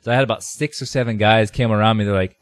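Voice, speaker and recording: Animated low-voiced man telling a story. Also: fast, no room sound. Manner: animated, shouts heckles in quoted voices, many fillers. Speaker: podcast guest. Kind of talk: casual storytelling.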